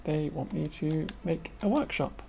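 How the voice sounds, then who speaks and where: Chatty low-voiced woman streaming a game. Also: measured pace, gravelly, warm tone, soft background music. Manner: chatty, talks to herself while playing, laughs often. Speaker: VTuber streamer. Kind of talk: casual gameplay commentary.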